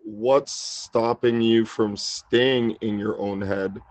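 A man's voice: fairly low pitch, fairly even intonation, slow pace, a little mellow. A man co-hosting a livestream, chatting casually in a teasing, joking, plain-spoken way. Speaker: livestream co-host. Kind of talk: casual chat.

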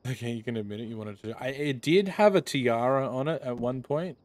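A man's voice: mid-range voice, fairly quick, a little mellow, dry recording. A man streaming a video game, chatting casually, reacting and thanking followers. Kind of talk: casual chat while gaming. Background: game music and horse hooves.

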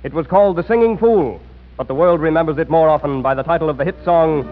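A man's voice: a little high, quick pace. A man narrating a scripted radio program as announcer in a formal, declamatory manner. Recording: tinny 1930s radio broadcast with music.

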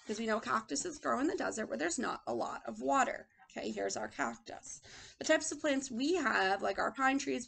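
Lively, gravelly-voiced teacher woman. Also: a little high, a little hiss or hum. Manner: questioning, encouraging, addresses children as friends. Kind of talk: lesson with storybook read-aloud.

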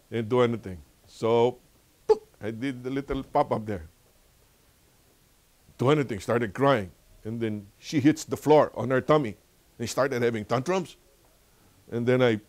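An older man with a Filipino accent leading a church Bible lesson, telling stories with lively, preacherly repetition. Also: medium pitch, measured pace. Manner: animated storytelling, laughs often. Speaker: Bible study teacher.

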